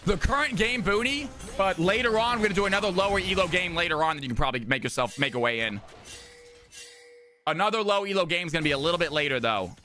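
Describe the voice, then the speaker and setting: A man streaming and shoutcasting an esports match live, excitable and hyped, shouting over the big plays from a home streaming setup on a desk microphone. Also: sits high, quick pace. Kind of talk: live esports play-by-play commentary. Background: faint background music.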